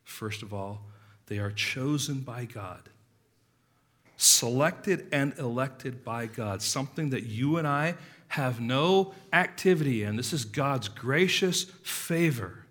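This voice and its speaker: A pastor preaching a sermon with passion, his delivery swinging from loud emphasis to quiet, earnest asides. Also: medium pitch, lively intonation, slow pace.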